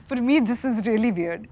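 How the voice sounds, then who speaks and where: A woman chatting casually as a guest, telling her stories in an animated way and laughing often. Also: fairly high pitch, unhurried. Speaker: guest mother. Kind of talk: casual chat.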